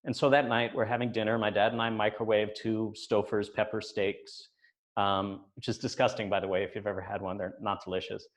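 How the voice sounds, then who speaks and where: A man in his forties telling a personal story on stage, measured with deadpan asides. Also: fairly low pitch. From United States.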